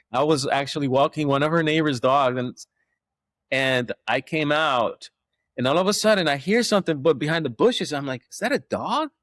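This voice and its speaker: A man, a dog trainer, telling stories in a rambling, animated way with many restarts and acted-out quotes. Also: fairly high pitch, normal speed, no echo, clean studio sound. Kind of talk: casual storytelling.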